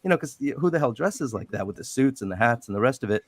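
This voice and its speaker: A middle-aged man spinning a long, animated story on a video call, slipping into quoted lines as he goes. His voice sits at an ordinary middle pitch. The sound is close and dry, with no room around it. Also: fast, no echo. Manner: rambling, animated retelling with acted quotes. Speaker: guest on a live panel. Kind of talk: casual storytelling on a group call.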